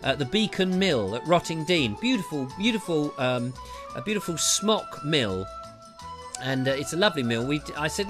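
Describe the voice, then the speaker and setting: A man talks on his live show in a loose, rambling, self-mocking way, his throat a little dry. His voice sits slightly above the usual male range. Quiet music plays faintly under his lapel-miked voice. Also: on the high side, expressive, normal speed. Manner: chatty, self-mocking, jokey. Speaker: show host. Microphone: lapel mic.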